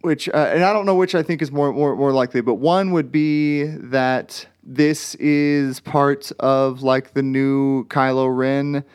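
A man's voice: medium pitch, fairly even intonation, unhurried, hardly any pauses, darkish tone, smooth. A man in a casual chat, rambling and speculating with plenty of restarts.

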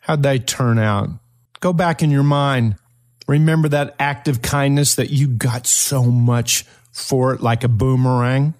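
An older man from eastern Kentucky, hosting his own podcast and telling a personal story in an earnest, motivational way with slow, emphatic phrases. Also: medium pitch, fairly even intonation. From eastern Kentucky, Appalachia. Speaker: podcast host.

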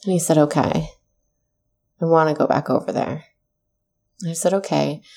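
A woman's voice: low voice, steady tone, moderate pace, gravelly, warm tone, breathy edge. A woman, a mother in her thirties, earnestly telling a personal story in a casual chat, swearing now and then when heated.

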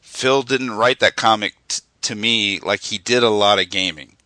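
A man's voice: fairly low pitch, sharp tone, dry recording. A man co-hosting a podcast, chatting eagerly and emphatically about favorite comics. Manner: enthusiastic, emphatic, quick to agree. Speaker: podcast co-host. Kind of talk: casual chat.

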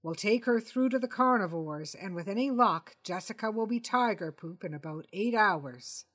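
A man's voice: high voice, animated, normal speed, a bit bright. A woman reading a grisly, matter-of-fact man.

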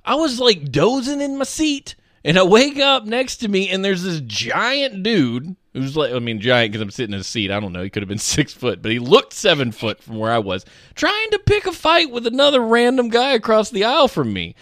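A man co-hosting a live stream in casual chat, telling animated stories and acting out the people in them. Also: high-pitched, moderate pace, few pauses, no room sound, clean studio sound. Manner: animated storyteller, acts out quoted people. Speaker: streamer co-host.

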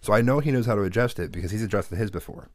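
A man with a lowish voice talks in a casual, rambling way. He swears freely and acts out what others said while telling his stories. The sound is dry and close, with no room echo. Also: racing, darkish tone. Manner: profane, rambling storyteller who acts out quotes. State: suffering from a headache. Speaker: podcast co-host and father. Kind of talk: casual chat.

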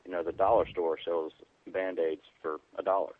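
Deep-voiced man on a tinny phone line. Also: level tone, normal speed, no echo. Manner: easygoing, explains plainly with many fillers. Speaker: EMT guest on a preparedness podcast. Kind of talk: casual interview.

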